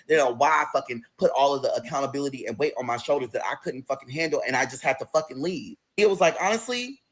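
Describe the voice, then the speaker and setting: A man's voice: mid-range voice, a bit bright. A young man telling a personal story in a casual, profane, emotional way, acting out the other people's lines. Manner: profane, emotional, acts out quoted voices. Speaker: storyteller recounting personal events.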